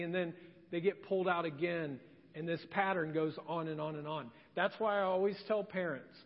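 A middle-aged man preaching a sermon as a pastor, telling stories in an animated, conversational way. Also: sits high. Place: church sanctuary. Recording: dull sound with long hall reverb.

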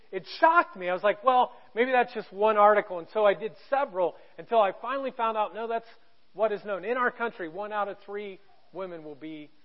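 A male pastor preaching a sermon to his church, telling a story with emphasis and sudden drops to a hush. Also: sits high, lo-fi sound. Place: church auditorium.

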